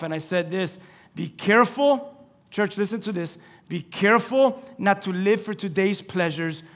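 A male pastor with a high voice preaches with lively storytelling, acting out each character in the scripture. He swings from loud, excited exclamations to quiet, hushed asides. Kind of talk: sermon.

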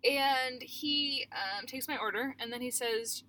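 Bright-voiced woman telling a story. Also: high-pitched, unhurried, hardly any pauses, slight background noise. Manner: animated anecdote teller, acts out quotes. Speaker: podcast co-host. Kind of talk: casual chat, storytelling.

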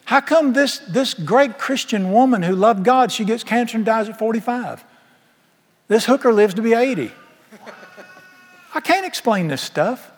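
Animated but measured in pace, a male pastor whose voice sits high for a man delivers a folksy, emphatic sermon full of rhetorical questions for the congregation. The large church auditorium gives the sound a long reverb.

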